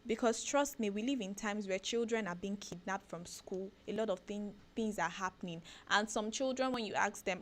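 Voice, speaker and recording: A woman's voice: medium pitch, moderate pace, hardly any pauses. Chatty woman hosting a radio advice segment. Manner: chatty, laughs often, animated with rhetorical questions. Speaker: radio show host. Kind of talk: casual talk segment giving parenting advice.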